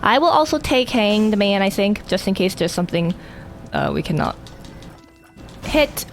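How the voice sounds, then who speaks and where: A woman's voice: mid-range voice, very animated, moderate pace, pauses often, soft background music. A woman giving casual, rambling gameplay commentary, talking animatedly and swearing casually. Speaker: gameplay streamer.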